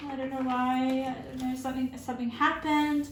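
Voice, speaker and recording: A woman giving an intuitive tarot reading to her viewers, earnest and emotional, halting often with fillers and restarts. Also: sits high, little pitch movement. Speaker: tarot reader. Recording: roomy with faint background hiss.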